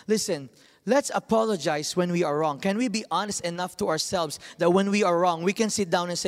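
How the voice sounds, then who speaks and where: A man in his thirties preaching a sermon, telling family stories with lively, acted-out quotes. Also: high-pitched, fairly quick. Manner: animated storytelling, acts out quotes. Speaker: pastor. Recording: long hall reverb.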